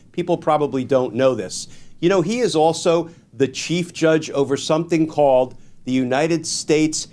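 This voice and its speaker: A man giving measured, explanatory legal commentary as a guest on a political talk show, stressing key points. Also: a little high, a little mellow.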